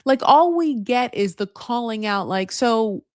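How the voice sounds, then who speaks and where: A woman hosting a casual TV recap. She is chatty and animated, with a sarcastic edge, and swears freely. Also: fairly high pitch, measured pace, dry recording, clean studio sound. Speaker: host.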